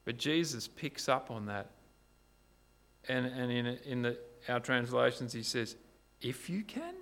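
Gravelly-voiced male preacher. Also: medium pitch, measured pace. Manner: animated storytelling, rhetorical questions. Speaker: pastor. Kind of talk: sermon.

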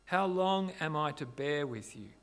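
A calm, earnest teacher is given voice in a sermon retelling, with a man acting him out. He speaks in a pleading, sincere way, and the voice is a little high with some gravel in it. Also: a little slow.

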